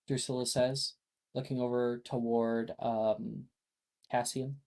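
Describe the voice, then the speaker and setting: Slow, halting game master on a call. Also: medium pitch, fairly even intonation, vocal fry, darkish tone. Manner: unhurried, filler-heavy narration. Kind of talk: narrating a tabletop game. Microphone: video call.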